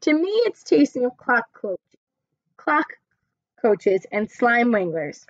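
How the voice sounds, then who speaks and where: A woman's voice: a little high, sing-song, takes it slowly, no echo, dull audio, exaggerated voice. A woman voicing a huge, kindly, very old male giant who mangles his grammar and invents words. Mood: animated.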